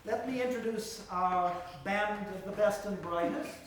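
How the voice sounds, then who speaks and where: Wry high-voiced man hosting a comic lecture. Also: measured pace, far from the mic, a little hiss or hum. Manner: dry, wry, deadpan asides. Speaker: host of a music comedy lecture. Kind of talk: comic lecture to a live audience. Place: concert room with a live audience. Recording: echoey room recorded from afar.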